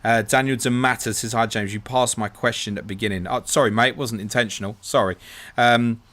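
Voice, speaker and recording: A man's voice: medium pitch, fairly even intonation, a little fast, fairly bright tone. A man hosting a live stream, chatting casually as he reads out viewer questions and answers them. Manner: chatty, reads viewer messages aloud, calls people "mate".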